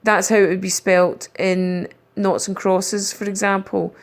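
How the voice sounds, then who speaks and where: A middle-aged woman gives a recorded spelling lesson at an unhurried pace. Her pitch sits mid-range as she carefully spells out letters and pauses on ums. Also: level tone. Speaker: primary school teacher.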